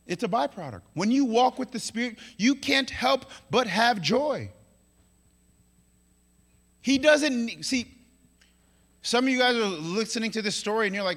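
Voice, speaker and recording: Brief: male pastor, very high and bright voice, emphatic sermon delivery with loud-to-hushed swings, long hall reverb. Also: big pitch swings. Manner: emphatic, repeats key lines, swings between loud and hushed; playful asides and quick voiced-up quotes.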